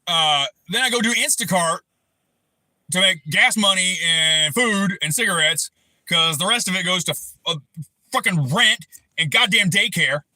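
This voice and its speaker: A man in his thirties hosting a livestream, ranting angrily and profanely, breaking into shouted bursts. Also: sits high, lively intonation, measured pace, dry recording, low-quality recording. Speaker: livestream host. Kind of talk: angry personal rant on a livestream.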